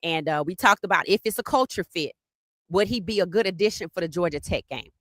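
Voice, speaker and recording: A woman hosting a casual live sports podcast, talking in an animated, teasing way and greeting chat viewers by name. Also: lowish voice, a little fast, no echo.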